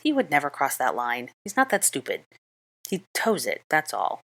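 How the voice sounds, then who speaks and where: A woman reading the part of a clever young witch, speaking briskly with exasperation in an audiobook-style fan reading. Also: low voice, wildly swooping pitch, a bit bright, no echo, heavily acted. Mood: exasperated.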